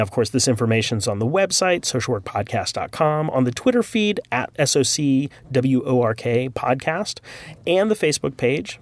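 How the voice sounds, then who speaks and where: Man hosting a podcast, lively. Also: mid-range voice, no echo. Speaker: podcast host. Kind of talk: casual podcast monologue.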